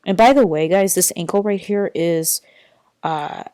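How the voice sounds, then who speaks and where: A woman's voice: lowish voice, unhurried, warm tone, no room sound, studio quality. A young woman vlogging casually from her bedroom, chatty and rambling with lots of fillers, tired, recorded on a built-in computer mic. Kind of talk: casual unboxing vlog.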